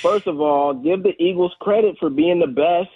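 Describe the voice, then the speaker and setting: A man's voice: sits high, moderate pace, a little hiss or hum. A former football player calling in as a guest analyst on sports radio, talking emphatically and tagging his points with "all right?". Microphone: phone call. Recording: tinny phone line.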